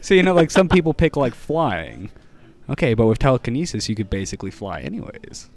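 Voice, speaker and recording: A man's voice: mid-range voice, big pitch swings, a little fast, darkish tone. A man appearing as a podcast guest in casual chat, rambling and filling his sentences with "like". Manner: rambling, fills speech with "like".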